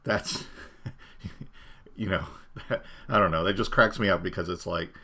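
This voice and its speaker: A man's voice: sits low, unhurried, bright, forceful tone, slightly rough. A man co-hosting a podcast, chatting casually about films with lots of fillers. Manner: chatty, many fillers like "you know". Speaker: podcast co-host. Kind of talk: casual chat.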